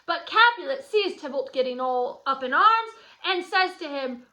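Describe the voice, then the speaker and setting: A woman with a high, bright voice gives a guided study lesson. She explains the scene in a chatty, playful way and keeps turning to her students with asides. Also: lively intonation, normal speed, hardly any pauses, rough recording. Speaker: teacher.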